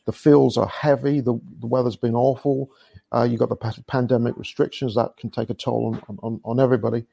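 Gravelly, husky man chatting football. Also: medium pitch, little pitch movement, a little fast, dark tone, no room sound. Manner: chatty, laughs often, restarts sentences. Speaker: football podcast guest. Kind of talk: casual chat.

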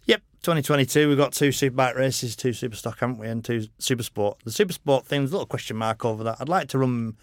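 This middle-aged male racer talks fast at medium pitch with few pauses, a guest in a relaxed podcast interview. He's a candid, wandering storyteller who swears a lot and keeps saying "you know." The sound is dry and close.

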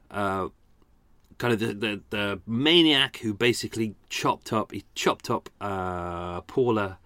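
A man's voice: fairly low pitch, no echo. A man hosting a podcast, chatting casually with rambling, self-deprecating remarks and frequent laughs. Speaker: podcast host. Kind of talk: casual commentary. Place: home by a canal.

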